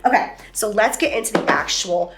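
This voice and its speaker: A woman in her thirties talks through a beauty collection with a casual, gushing delivery. Her voice is bright and forward, and she leans hard on emphasis as she goes. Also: medium pitch, expressive, fairly quick. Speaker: beauty vlogger and brand owner. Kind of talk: casual product presentation.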